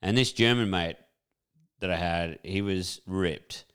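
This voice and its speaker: A man's voice: deep voice, unhurried, fairly bright tone, smooth. A man with an Australian accent, co-hosting a podcast and trading sweary, matey banter and stories. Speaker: podcast co-host. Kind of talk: casual storytelling chat.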